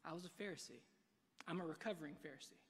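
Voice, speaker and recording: A man preaching a sermon from a church pulpit, swinging between hushed and loud delivery. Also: a little high, quick pace, slightly rough. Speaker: pastor. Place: church sanctuary. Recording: long reverb of a large hall.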